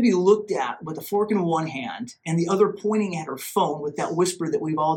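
A man hosting a podcast, telling a story casually in an animated, self-mocking way and acting out his own inner voice. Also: high-pitched, moderate pace, hardly any pauses. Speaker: podcast host.

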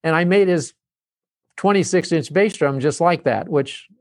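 A man's voice: a little high, a little slow, no room sound. Older man spinning a chatty anecdote. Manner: chatty, acts out quoted dialogue. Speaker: guest, drum company founder. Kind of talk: anecdotal interview storytelling.

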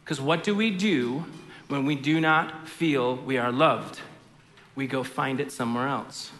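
A middle-aged man, preaching a sermon as pastor, swinging from hushed lines to loud emphatic ones. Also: mid-range voice, measured pace, a little hiss or hum. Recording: long hall reverb.

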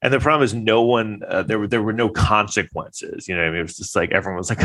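Low-voiced man rambling sarcastically. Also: fairly even intonation, fast talker, few pauses, a bit bright. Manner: rambling, heavy use of filler words; sarcastic, incredulous. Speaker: vlogger giving trial commentary. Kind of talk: casual rambling commentary.

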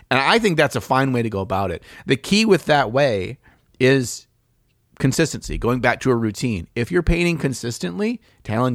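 A young man trading jokes on a hobby podcast, his pitch bouncing up and down in a lively sing-song. He talks in a relaxed, rambling way, full of fillers and restarts. The sound is dry and close, with no room around it. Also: dry recording. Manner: laid-back, jokey, lots of fillers and restarts. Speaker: podcast co-host. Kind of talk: casual chat about miniature painting.

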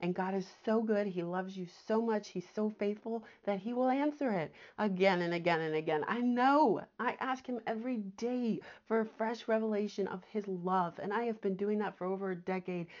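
A woman teaching the Bible on a podcast, earnest and conversational, often dropping to a soft near-whisper for emphasis. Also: mid-range voice, normal speed, hardly any pauses, lo-fi sound. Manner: warm earnest preaching, often says "my friends" and "amen".

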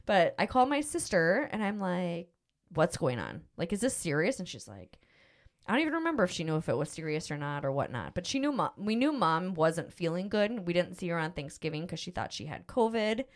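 A woman's voice: fairly low pitch, sing-song, fairly quick. A middle-aged woman hosting a podcast, telling a personal story in a rambling, emotional way with lots of fillers. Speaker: podcast host. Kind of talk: casual storytelling chat.

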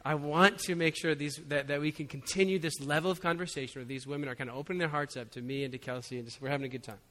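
A man preaching as a pastor, telling a personal story in a relaxed, conversational way with frequent chuckles. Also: fairly high pitch, rapid-fire, a little hiss or hum. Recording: long hall reverb.

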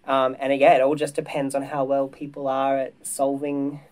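An Australian woman with a notably low voice talks up her productions in an interview. She speaks in an upbeat, clear and promotional way and spells things out carefully. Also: monotone, normal speed, a little mellow. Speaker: guest, theatre producer. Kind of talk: casual interview chat.

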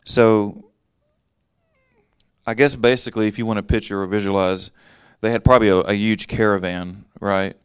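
A man's voice: on the low side, steady tone, moderate pace, clean tone, no room sound, studio quality. A man giving a casual Bible teaching, reading verses aloud and then explaining them in plain, conversational talk.

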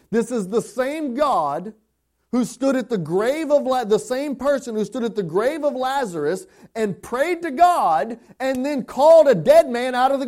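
A male pastor preaching a sermon, swinging between hushed, tender passages and impassioned climbs. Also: high voice.

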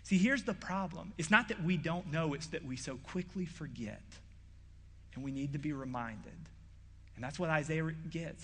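A young man preaching a sermon in an earnest, conversational way. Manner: earnest, conversational, gets louder and higher when acting out Isaiah's words. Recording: hall reverb.

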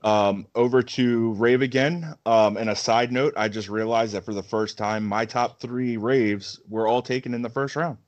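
A man with a mid-pitched voice talks casually as a podcast co-host. He speaks hesitantly, with many ums and stammered restarts. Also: steady tone, normal speed, hardly any pauses, dull audio. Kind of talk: casual chat.

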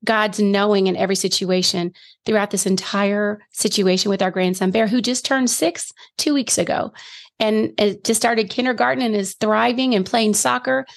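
A woman's voice: medium pitch, vocal fry. A middle-aged woman, a grandmother, giving an earnest personal testimony as a guest in a faith interview, emphatic at key phrases.

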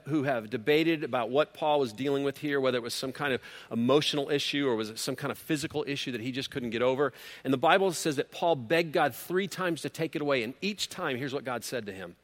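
A man preaching a sermon, earnest and emphatic, rising to loud peaks and then dropping low. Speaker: pastor. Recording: long hall reverb.

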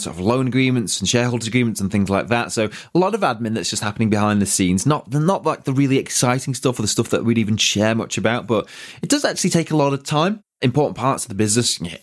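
A British man with a husky voice hosting a podcast, giving a relaxed, rambling business update full of "sort of" fillers. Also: fairly low pitch. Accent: British English. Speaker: podcast host, property business owner. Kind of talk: casual business update monologue.

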